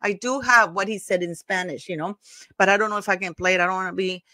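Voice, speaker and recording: A woman's voice: medium pitch, quick pace, sharp tone, no echo. A woman hosting a commentary channel, talking casually and emphatically over footage, gossipy and prone to repeating herself.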